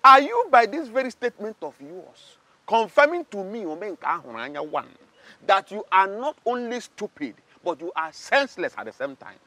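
A Nigerian actor playing an arrogant, mocking palace security chief who shouts insults. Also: male voice, very animated, normal speed, dry recording, heavily acted. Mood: scornful. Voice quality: high, bright, shouting and mocking. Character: arrogant loud-mouthed male palace guard. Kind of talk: Nollywood drama acting.

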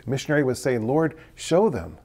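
A man co-hosting a faith talk show, answering and reflecting on the story. His voice is dark and gravelly. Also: medium pitch, big pitch swings, normal speed. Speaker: co-host.

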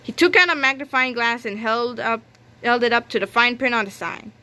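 A woman's voice: a little high, fairly quick, bright, forceful tone. A woman reading a children's book aloud, telling the story with small slips and restarts. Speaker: reader.

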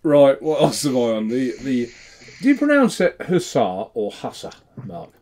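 A man's voice: mid-range voice, huge pitch swings, normal speed, a little mellow. A man hosting a casual live stream, chatty and self-mocking, laughing often. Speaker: host.

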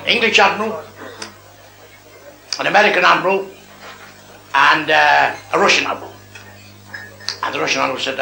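A man's voice: a little high, normal speed, gravelly, pauses often, bright, forceful tone. A man doing a live stand-up club set, telling blunt, crude jokes full of swearing and ribbing hecklers, in an echoey live club recording. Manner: blunt, crude, swearing joke-teller who ribs hecklers. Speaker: stand-up comedian.

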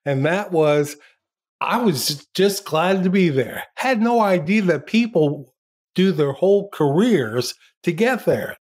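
An older man, a former TV journalist, telling lively anecdotes in an interview and acting out the quotes. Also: high-pitched, slow. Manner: lively anecdotes, acts out quotes, laughs often. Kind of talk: storytelling in a podcast interview.

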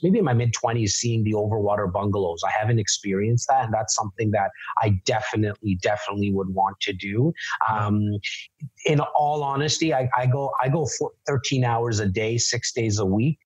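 A man in his forties speaks in a husky, slightly breathy voice, tripping over his words and repeating them as he restarts. The recording is dry and a little muffled, with no room sound. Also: on the low side, a little fast, dry recording. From Canada. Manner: repeats words often, many false starts. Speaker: podcast guest, real estate entrepreneur. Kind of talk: casual interview talk.

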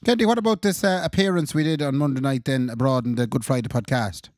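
A man's voice: mid-range voice, quick pace, a little mellow, dry recording, clean studio sound. An Irish man co-hosting a podcast, chatting casually with jokey asides. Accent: Irish, west of Ireland. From Ireland. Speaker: podcast co-host. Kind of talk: casual chat.

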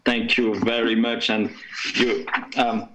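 A man whose first language is French, speaking haltingly as a guest in a panel discussion. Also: mid-range voice, monotone, fairly bright tone, slight background noise, poor audio. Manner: halting, searching for English words.

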